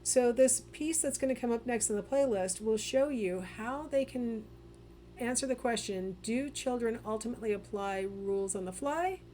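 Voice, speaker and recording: A woman's voice: fairly high pitch, moderate pace, dark tone, a little hiss or hum. A woman giving a casual recorded psychology lecture, chatty and full of fillers and restarts.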